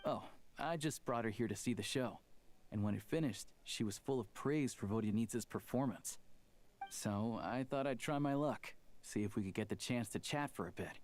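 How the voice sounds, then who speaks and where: An actor voicing a calm, sly young man in a video game. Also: mid-range voice, natural voice. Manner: calm, easygoing, measured.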